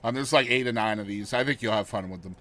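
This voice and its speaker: A man hosting a casual podcast, upbeat and leading the guest through quick-fire question segments. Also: lowish voice, sharp tone, no echo. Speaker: podcast host.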